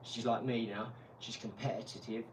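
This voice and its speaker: A man, hosting a casual live stream and telling lively, laughing stories with some swearing, from an empty garage. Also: mid-range voice, moderate pace. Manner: animated storyteller, laughs, swears. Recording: roomy, distant mic, faint noise.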